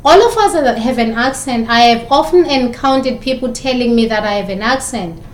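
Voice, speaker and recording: This South African communication instructor sounds a little high and animated, talking at a normal speed with a roomy quality to the audio. She speaks with a South African accent, and her recorded lecture commentary keeps posing probing rhetorical questions.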